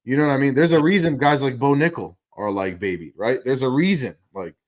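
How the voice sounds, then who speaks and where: A man's voice: medium pitch, brisk. A man co-hosting a casual fight-sports livestream, rambling with heavy swearing and many fillers. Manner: rambling, profane, lots of fillers. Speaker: livestream co-host. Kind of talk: casual MMA livestream chat.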